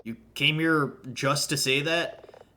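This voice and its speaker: A man's voice: a little high, fairly even intonation, slow pace, sharp tone, a little hiss or hum, exaggerated voice. A man reading an earnest young lawyer. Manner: earnest, questioning, slightly hesitant. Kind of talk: reading game dialogue aloud.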